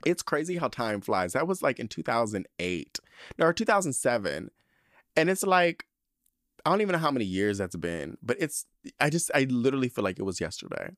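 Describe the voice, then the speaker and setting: A man's voice: medium pitch, a little fast, no room sound, clean studio sound. A man in his thirties hosting a podcast, telling a story in a sassy, campy way with lots of swearing. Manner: sassy, animated, campy drag-queen banter with swearing. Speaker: podcast host. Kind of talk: casual storytelling monologue.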